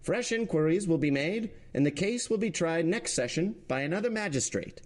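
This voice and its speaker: A man's voice: a little high, lively intonation, moderate pace, darkish tone, voice pushed up, natural voice. A man voicing an agitated male court president who fires off insistent questions. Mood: formal.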